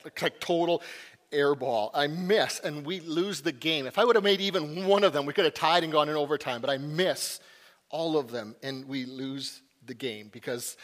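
A man telling a personal story in a sermon, animated and lively, sometimes dropping to a hushed voice. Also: on the high side. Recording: long hall reverb.

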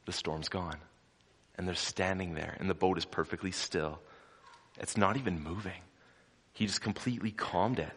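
A man delivers a sermon in a fairly low voice, recorded with the long, lingering reverb of a church hall. He tells the story dramatically, rising to forceful peaks and sinking to quiet, hushed passages. He keeps turning to the congregation with questions. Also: normal speed, long pauses, breathy edge. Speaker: preacher.

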